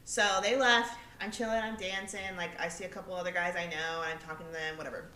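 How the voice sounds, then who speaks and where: A young woman with a low, bright voice tells a story on a podcast, casual and animated, acting out the people in it and swearing freely. She sits a little back from the mic in an echoey room. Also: fast, distant mic, slight background noise. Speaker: podcast co-host.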